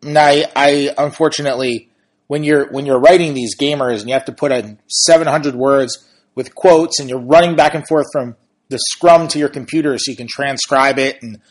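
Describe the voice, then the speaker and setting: A man's voice: medium pitch, steady tone, normal speed. A man, a sportswriter and podcast host, talking through team stats and standings in an analytical, conversational way. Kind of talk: casual sports commentary.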